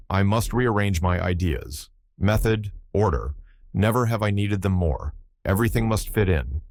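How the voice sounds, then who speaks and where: A man's voice: deep voice, darkish tone. A man voicing a fussy, methodical older male detective who speaks in a precise, musing way.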